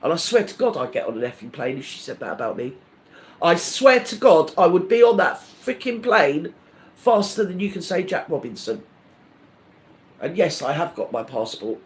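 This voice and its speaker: A man hosting a live stream, ranting in a rambling, indignant, gossipy way with many restarts. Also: on the high side.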